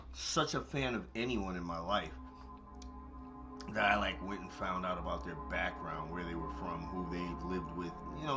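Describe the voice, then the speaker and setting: Animated swearing man, music behind. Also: mid-range voice. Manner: animated, swears freely, laughs often; talks to listeners directly, repeats himself for emphasis. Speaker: podcast host. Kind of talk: late-night personal monologue. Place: at home, eating with a cat nearby.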